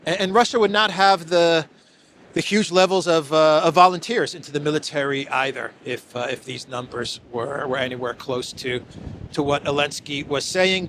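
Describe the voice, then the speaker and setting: A man's voice: on the high side, normal speed, a bit bright. A man giving casual solo political commentary, sarcastic and chuckling, with frequent restarts.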